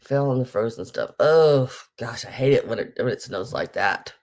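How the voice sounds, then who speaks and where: Here a middle-aged woman with a bass voice, a little mellow, chats casually on a livestream sale, wandering from topic to topic and greeting viewers by name. She speaks expressively at a normal speed, her voice groggy since she has only just woken up.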